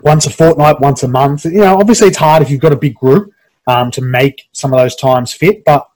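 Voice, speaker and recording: A man hosting a casual interview on a video call, halting with many restarts. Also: mid-range voice, a little mellow, low-quality recording. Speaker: podcast host.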